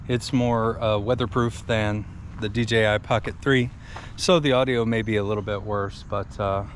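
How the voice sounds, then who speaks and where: A man's voice: lowish voice, fairly even intonation, normal speed, slight background noise. A man talking casually to camera in a vlog, rambling and folksy, often saying "y'all". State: out of breath while running. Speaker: vlogger.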